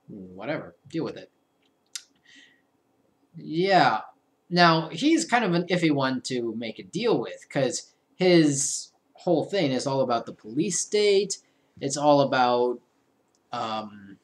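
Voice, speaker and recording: A young man hosting a let's play, giving casual, playful commentary that trails off into mumbled asides. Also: mid-range voice.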